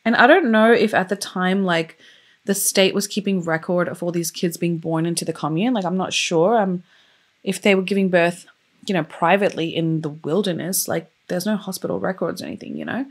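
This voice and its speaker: Young woman, casual storyteller, low-ish voice, chatty and emotional with lots of fillers. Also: brisk. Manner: chatty, loose, many fillers; openly emotional about the story. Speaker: true crime YouTuber.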